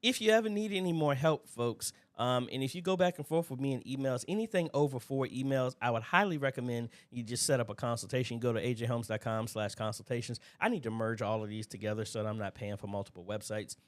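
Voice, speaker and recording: A man's voice: medium pitch, fast, hardly any pauses. Man, livestream host, casual Q&A, chatty, greets viewers.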